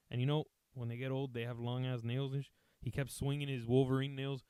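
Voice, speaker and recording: A man's voice: mid-range voice, fairly quick, few pauses, smooth, dry recording. A man telling a comic story in a casual, profane way, acting out what everyone said and slipping between English and Spanish. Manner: profane, animated, acts out quotes, switches between English and Spanish. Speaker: podcast host telling a story.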